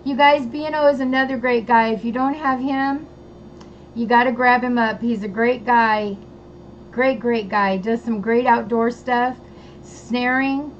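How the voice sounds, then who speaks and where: A high-voiced woman hosts a casual livestream chat, bubbly and gushing. The sound is dull and lo-fi with faint background noise. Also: fairly even intonation, a little slow. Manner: bubbly, gushing, greets chatters by name. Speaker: livestream host.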